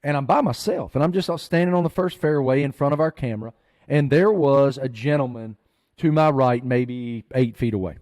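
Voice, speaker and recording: A man hosting a podcast, telling a story in an earnest, animated way. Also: mid-range voice, normal speed. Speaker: podcast host. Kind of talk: storytelling chat.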